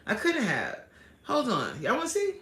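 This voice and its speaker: A woman's voice: on the high side, wildly swooping pitch, moderate pace, a bit bright, echoey room, a little hiss or hum. A woman hosting a casual livestream, chatting and reading viewer comments aloud with lots of laughter. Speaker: livestream host. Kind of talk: casual live-stream chat.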